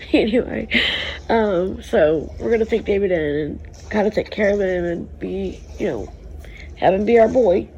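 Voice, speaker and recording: A woman chatting casually in a rambling, folksy way, with filler words and soft laughs, speaking outdoors by a swimming pool. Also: mid-range voice, slight background noise, low-quality recording. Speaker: family vlogger. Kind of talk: casual chat.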